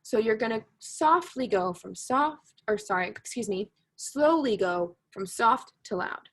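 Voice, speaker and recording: With an expressive, medium-pitched, fairly bright voice that has a breathy edge, a woman leads a recorded music lesson at a moderate pace with few pauses. Patient and repetitive, she goes over the key points again and fixes her own mistakes with good humor, laughing at herself.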